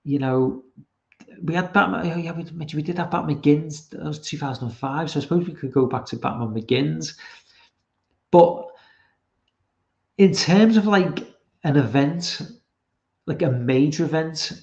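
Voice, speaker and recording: A man's voice: fairly high pitch, normal speed, creaky, long pauses, darkish tone, muffled recording. A man hosting a casual podcast stream, rambling and swearing with lots of ums and restarts. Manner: rambling, sweary, full of fillers. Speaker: podcast host. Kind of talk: casual livestream chat.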